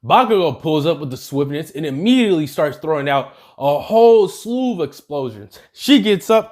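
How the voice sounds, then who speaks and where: A man's voice: a little high, expressive, moderate pace, few pauses, a little mellow. Rambling man improvising a fan story. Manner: rambling, with fillers and self-corrections.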